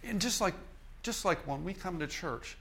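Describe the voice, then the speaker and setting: A man's voice: sits high, lively intonation, normal speed, sharp tone, a little hiss or hum. A male minister preaching a sermon in an emphatic, repetitive style, often restarting his phrases.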